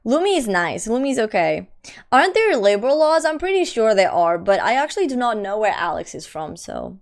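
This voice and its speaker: A woman's voice: a little high, sing-song, moderate pace. A young woman live streamer chatting casually with her viewers. She reads their messages aloud in a slangy, talkative way.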